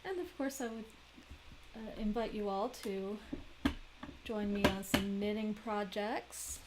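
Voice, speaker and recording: A woman's voice: medium pitch, heavy background noise. A woman chatting in a rambling, giggly way during a crafting live stream. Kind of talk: casual chat while weaving.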